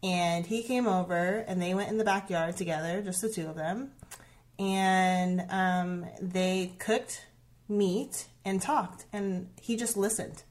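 A woman in her thirties tells a personal story in a relaxed conversation. She speaks earnestly and often restarts, leaning on "like" and "um". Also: lowish voice, slow pace. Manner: earnest, heavy use of "like" and "um", many restarts. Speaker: guest sharing a personal story.

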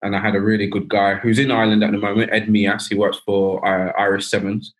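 A man's voice: on the low side, level tone, fairly quick, rough recording. A man who is a sprint coach, speaking as a podcast guest in emphatic, enthusiastic bursts. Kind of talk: podcast interview.

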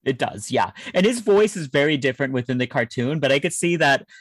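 A man co-hosting a casual podcast chat, lively and amused. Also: mid-range voice, fairly quick, husky.

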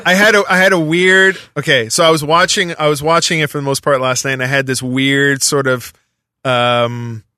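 A man with a bright, forceful voice talks casually and tells a rambling story. His fillers pile up as he gets into it. The sound is dry and close. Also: medium pitch, steady tone, normal speed, dry recording. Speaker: podcast guest. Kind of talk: casual chat.

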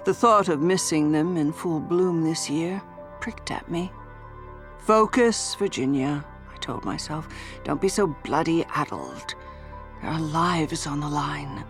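A woman narrating a first-person story in a measured, expressive way. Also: low voice, faint music behind. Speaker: audiobook narrator.

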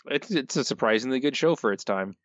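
A man co-hosting a podcast, recapping an episode in a laid-back, deadpan way. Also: medium pitch, fairly quick, no room sound, lo-fi sound. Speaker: podcast co-host. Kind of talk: casual chat, recapping an episode.

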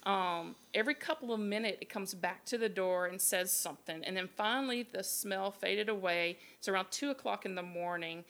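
A woman's voice: mid-range voice, normal speed, few pauses. Woman telling a spooky story casually. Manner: profane, animated retelling with quoted voices. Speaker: podcast host. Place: live show at a beer garden.

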